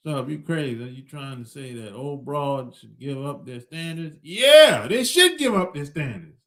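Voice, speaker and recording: A man's voice: a little high, sing-song, slow, pauses often, a bit bright. A man hosting a podcast, talking in a blunt, slangy, rambling monologue and laughing often between lines. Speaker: podcast host. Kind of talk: casual monologue.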